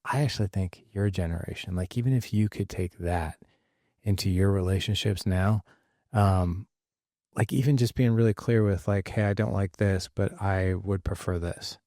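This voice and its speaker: A middle-aged male podcast host chats casually with his son, circling back and restarting his sentences as he goes. His voice sits low and even. The recording is close and dry. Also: moderate pace, no echo. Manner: rambling, self-correcting, laughing often.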